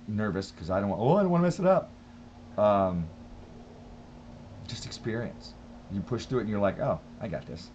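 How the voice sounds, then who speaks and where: A man's voice: sits low, darkish tone, lo-fi sound, slight background noise. A man talking thoughtfully in a casual vlog monologue, rambling with frequent restarts. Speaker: vlogger.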